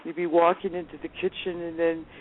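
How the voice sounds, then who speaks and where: A woman's voice: fairly low pitch, fairly quick, slight background noise. Laughing woman on a tinny phone line. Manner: laughing, animated anecdotes. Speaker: guest. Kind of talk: casual storytelling on a phone interview. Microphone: telephone.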